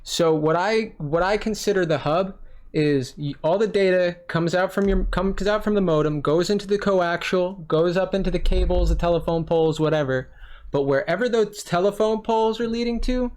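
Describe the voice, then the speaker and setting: A man's voice: high voice, moderate pace, a little mellow. Man, frustrated customer, ranting, repetitive, swearing, phone complaint. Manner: exasperated, ranting, repeats himself, swears. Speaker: frustrated customer on a support call. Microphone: recording his own side of a phone call.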